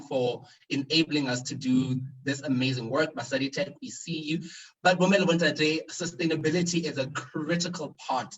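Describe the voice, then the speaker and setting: A man's voice: medium pitch, fairly bright tone, breathy edge, recorded from a distance, lo-fi sound. A man working as MC of a virtual conference, upbeat and playful, speaking over an online call. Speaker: virtual event MC. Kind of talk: conference hosting.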